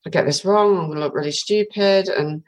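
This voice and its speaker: Woman from Britain, forties, rambling storyteller, slightly low voice, casual interview guest. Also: fairly quick, rough recording. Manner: chatty storytelling with many fillers. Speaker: guest, tarot reader.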